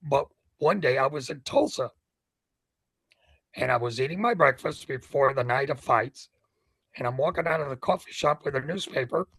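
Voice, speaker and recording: An older man from Cuba, a ring announcer, telling animated anecdotes in an interview. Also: fairly high pitch, gravelly, slightly rough, no room sound. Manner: animated anecdotes with acted quotes. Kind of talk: storytelling in an interview.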